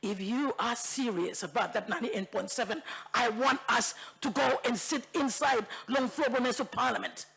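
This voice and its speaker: Woman MP with a Bougainville accent, passionate parliamentary speaker, gravelly and forceful, mixes in Tok Pisin. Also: on the high side, normal speed, few pauses. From Bougainville, Papua New Guinea. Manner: impassioned, emphatic, repeats phrases for force; switches into Tok Pisin phrases. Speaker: member of parliament. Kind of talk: parliamentary debate speech. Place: parliament chamber.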